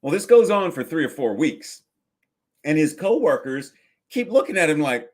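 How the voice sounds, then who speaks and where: A minister in his fifties preaching a sermon in a deliberate way, with repetitions and pauses. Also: on the high side, big pitch swings, darkish tone. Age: 50s. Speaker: senior minister.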